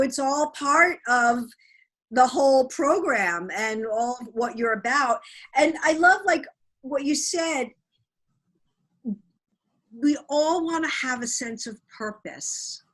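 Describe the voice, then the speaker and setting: A woman's voice: high voice, fairly bright tone, poor audio. A woman interviewing a guest over a video call, rambling with self-interrupting asides.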